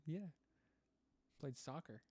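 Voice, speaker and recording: A man's voice: a little high, lively intonation, drawn-out words, warm tone, slightly rough. A young man co-hosting a podcast in casual chat, easygoing, laughing often and calling his friend dude and bro. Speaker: podcast co-host.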